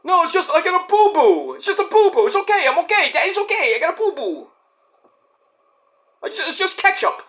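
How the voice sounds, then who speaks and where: A man's voice: very high voice, very animated, a little fast, fairly bright tone, pitched above the performer's own voice, exaggerated voice. A man playing a battered wrestler dad brushing it off. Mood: reassuring. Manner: falsely cheerful, then groaning.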